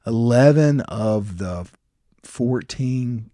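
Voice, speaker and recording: A man, a ministry founder and guest, sharing stories in an earnest, animated way, often restarting his sentences. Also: on the low side, measured pace, dry recording, studio quality. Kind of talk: conversational storytelling interview.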